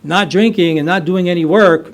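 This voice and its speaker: A man's voice: sits high, normal speed. Man sharing his recovery story. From United States. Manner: conversational with many fillers and restarts. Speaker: AA speaker. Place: meeting hall.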